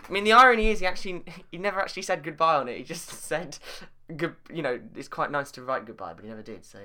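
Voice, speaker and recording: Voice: medium pitch, lively intonation, fast talker, bright, forceful tone. A comedy podcast co-host, rambling and mock-serious. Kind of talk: comic banter.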